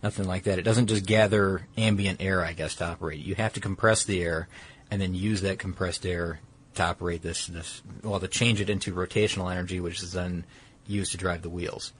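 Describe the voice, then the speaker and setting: A man's voice: low voice, fairly even intonation, fairly quick, fairly bright tone, husky. A man explaining a technology in casual conversation, rambling and correcting himself with many fillers.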